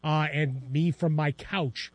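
Male co-host, easygoing and conversational, slightly raised pitch, dry sound. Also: steady tone, slow, no room sound, lo-fi sound. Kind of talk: casual sports talk.

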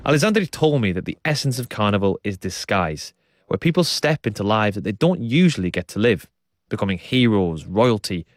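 A man presenting a radio documentary, narrating and describing what he sees in a calm, descriptive way. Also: lowish voice, no room sound. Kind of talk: documentary narration and on-site reporting.

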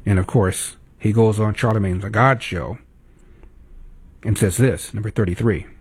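Gravelly, indignant male talk host. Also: lowish voice, fairly even intonation, normal speed. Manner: sarcastic, indignant, emphatic. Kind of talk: opinionated political commentary.

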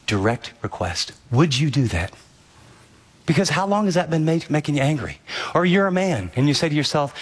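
A man's voice: fairly high pitch, expressive, moderate pace. A middle-aged man preaching a sermon, telling a personal story and then pressing his points with emphatic repetition. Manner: earnest storytelling, rising to emphatic exhortation. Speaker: pastor.

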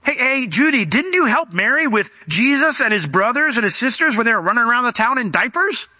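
A man voicing an incredulous hometown villager in an exaggerated, high sing-song way. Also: sing-song, brisk, bright, forceful tone, no echo, heavily acted. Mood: mocking.

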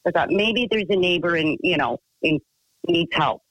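A woman's voice: fairly low pitch, animated, normal speed, a bit bright, dry recording, rough recording. A woman caller rambles through a long personal story, piling on fillers and restarts. Her voice sounds close and dry, with no room around it. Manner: chatty, rambling, full of fillers.

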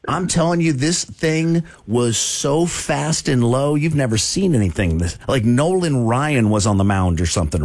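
An excitable male radio host tells a story in a lively, swinging voice. His delivery is loose and chatty, full of laughs and shouted asides. The sound is close and dry, with no room echo. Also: on the high side. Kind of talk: radio talk show storytelling.

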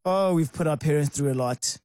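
A man hosting a radio show, reading listener messages in a lively, excitable way and laughing often. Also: fairly high pitch, fairly quick, no room sound. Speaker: radio host.

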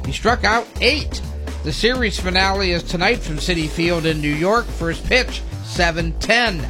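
A man hosting a radio sports segment, reading scores briskly with dry asides. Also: high voice, over music. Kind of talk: radio sports news read.

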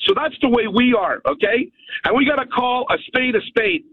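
Blunt caller on a tinny phone line. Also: male voice, very high voice, lively intonation, normal speed, breathy edge, dry recording. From Canada. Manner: blunt, emphatic, keeps asking "okay?". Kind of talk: phone-in rant. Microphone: telephone.

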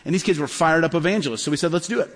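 A man preaching a sermon, with a high voice and a rapid, animated delivery. He tells stories and acts out each side of the dialogue. His voice rings out with a long reverb, as in a large church hall. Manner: animated, quick storyteller acting out dialogue. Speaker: pastor. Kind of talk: sermon storytelling.

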